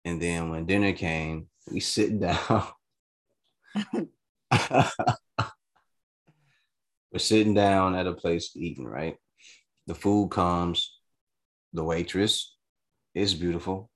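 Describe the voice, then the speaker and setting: A man telling a personal story in casual chat, animated and swearing freely, jumping into high voices for quotes. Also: slow pace, pauses often.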